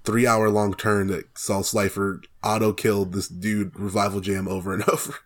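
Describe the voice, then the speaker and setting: A man's voice: on the low side, little pitch movement, normal speed. A young man co-hosting a podcast, chatting casually in slangy, joking, profane talk. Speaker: podcast co-host. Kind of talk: casual chat.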